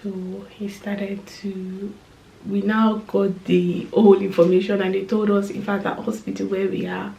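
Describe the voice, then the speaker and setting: Female vlogger, slow, emotional storytelling, roomy sound. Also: mid-range voice, level tone, gravelly. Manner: emotional, slow, drops to soft whispers. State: tearful. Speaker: vlogger, new mother. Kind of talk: storytime vlog.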